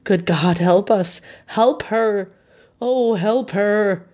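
A woman's voice: medium pitch, normal speed, a little mellow, close to an everyday voice. A woman reader voicing a panicked young husband who cries out in pleading, breathless bursts. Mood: frantic.

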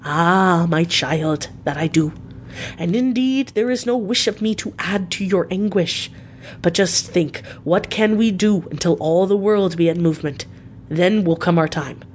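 A woman voicing an elderly foreign professor, earnest, coaxing, broken formal English, somewhat low voice, storybook reading. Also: a little slow, slight background noise, lightly acted. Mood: gently reasoning.

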